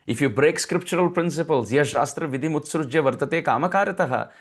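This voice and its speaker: A man's voice: a little high, lively intonation, a little fast, few pauses. A man giving a devotional scripture lecture, reciting Sanskrit verses and explaining them. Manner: recites Sanskrit verses and acts out a pleading child with raised voice. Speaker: spiritual teacher.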